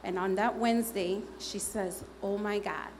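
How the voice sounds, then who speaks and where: A woman's voice: mid-range voice, steady tone, unhurried, darkish tone, a little hiss or hum. A woman telling a candid, humorous personal testimony to a congregation, chatting loosely and acting out what people said. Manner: conversational, with frequent fillers. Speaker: church member giving testimony.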